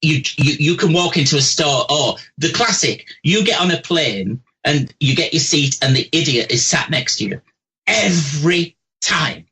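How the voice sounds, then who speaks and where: Blunt chatty man, bright voice. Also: on the high side, normal speed, rough recording. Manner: blunt, chatty, animated, says "bugger off", "bloody", "love", "posh". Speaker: psychic giving caller readings. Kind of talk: live call-in radio chat.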